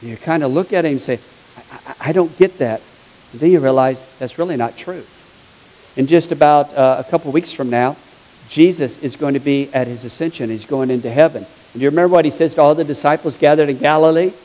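A man's voice: on the high side, fast, darkish tone, rough recording. A man preaching a sermon as a pastor, telling stories in a chatty, humorous way. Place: church sanctuary.

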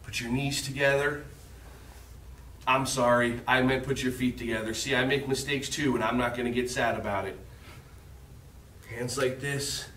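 Leading children through a guided movement lesson, a man's yoga instructor calls out playful, coaxing instructions. His mid-range voice is slightly bright, with a moderate pace and long pauses, heard from far off in an echoey room with slight background noise.

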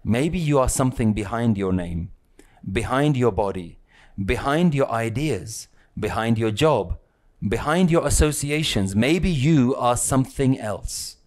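A man teaching a spiritual lesson to a live group, speaking slowly in repeated phrases and asking his listeners rhetorical questions. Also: medium pitch, animated, darkish tone. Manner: slow, questioning, repetitive phrasing.

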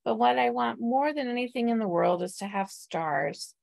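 Wistful little apple tree done by a woman, soft pleading voice, storybook reading, close dry sound. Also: a little high, moderate pace, gravelly, dry recording. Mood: longing.

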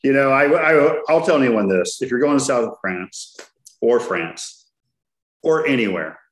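A man's voice: mid-range voice, animated, measured pace. A man from Texas hosting a podcast in casual chat, telling stories in a laid-back, joking way with plenty of fillers, in a roomy recording. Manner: laid-back, jokey storyteller with lots of fillers. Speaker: podcast host. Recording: roomy echoey sound.

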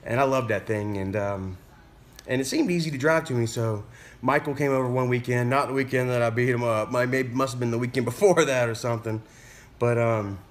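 A man's voice: mid-range voice, brisk. A man vlogger casually telling a story to camera, rambling with lots of fillers and restarts and casual cursing.

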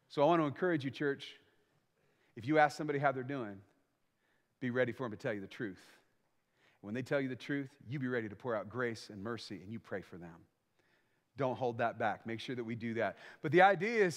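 A man preaching a sermon as pastor, emphatic and lively, acting out little bits of everyday small talk. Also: fairly high pitch, fast, in a large hall.

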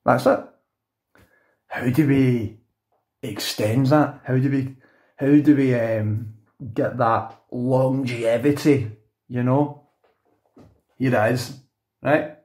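A man's voice: medium pitch, steady tone, takes it slowly, pauses often, darkish tone. A young Scottish man teaching beatboxing in a casual, rambling video tutorial, often correcting himself mid-sentence. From Scotland. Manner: chatty, rambling, frequent self-corrections and "you know what I mean".

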